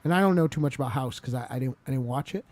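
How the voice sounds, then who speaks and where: A man's voice: medium pitch, racing, darkish tone. A man on a podcast chatting casually about movies, rambling and hesitant with lots of filler words. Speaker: podcast co-host. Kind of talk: casual film review chat.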